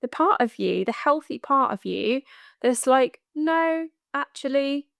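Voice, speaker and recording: A woman's voice: fairly high pitch, lively intonation, a little slow, vocal fry, fairly bright tone, no room sound, studio quality. A woman hosting a solo spiritual coaching podcast, chatty and laughing often, with frequent asides. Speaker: podcast host.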